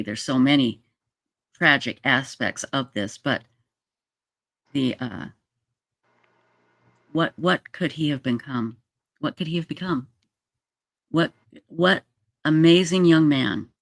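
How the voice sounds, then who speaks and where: Livestream host: gravelly, dry close sound, emotional and halting, casual chat. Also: medium pitch, fairly bright tone, dry recording. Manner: emotional, halting, many fillers. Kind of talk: casual livestream chat, reading comments aloud.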